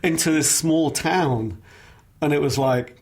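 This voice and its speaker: A man's voice: fairly high pitch, slow pace, a little mellow. A middle-aged Englishman from the north of England, a voice casting director talking frankly and bluntly in a casual interview, laughing often.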